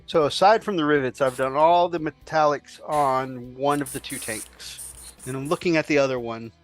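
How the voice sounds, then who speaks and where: A man's voice: medium pitch, moderate pace, soft background music. A man co-hosting a casual chat about painting, easygoing and laughing often. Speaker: podcast co-host.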